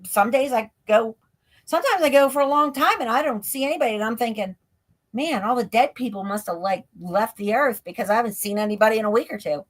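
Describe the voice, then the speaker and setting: A woman's voice: a little high, fast. A woman guest on a live stream, chatting casually and telling stories, leaning on the filler "like" and laughing often. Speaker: guest, ghost tour guide. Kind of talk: casual storytelling in an interview. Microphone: remote live stream call.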